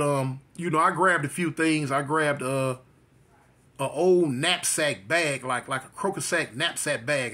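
This man's voice sits a little high and has a sharp edge. He tells a vivid, casual story from his own life, repeating phrases and acting out sounds like gunshots along the way.

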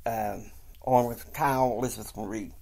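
A man casually retelling a family story, slow and rambling with fillers. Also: mid-range voice, steady tone, creaky, a little mellow.

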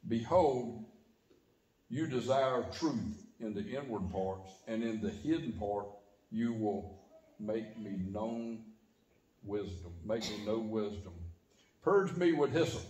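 A man's voice: takes it slowly, mellow, slight background noise. Man preaching in an echoey church. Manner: preaching with sudden rises and drops in pitch and volume. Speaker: pastor. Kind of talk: sermon. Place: church sanctuary.

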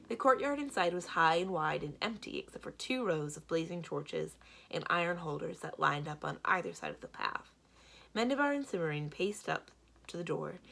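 A woman librarian narrating a children's book aloud in a steady storytelling manner. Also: on the low side, gravelly. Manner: steady storytelling, varied delivery.

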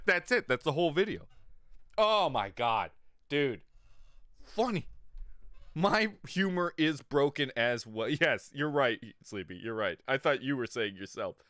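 A man's voice: medium pitch, very animated, a little slow, a bit bright, no echo, studio quality. A man streaming live, chatting casually with viewers in a crude, rambling way and often laughing. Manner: talks to chat viewers. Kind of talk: casual livestream chat.

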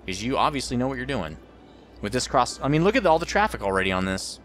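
A man's voice: mid-range voice, very animated, quick pace, fairly bright tone. A man rambling through let's play commentary as the host of a gaming channel, joking about his own mistakes.

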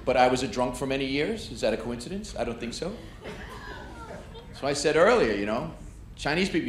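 Brash New stand-up comic. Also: male voice, a little high, expressive, fairly quick. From New York. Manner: brash, crowd-baiting, works the audience. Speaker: stand-up comedian. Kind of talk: stand-up comedy set. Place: comedy club stage. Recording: echoey club, loud crowd noise.

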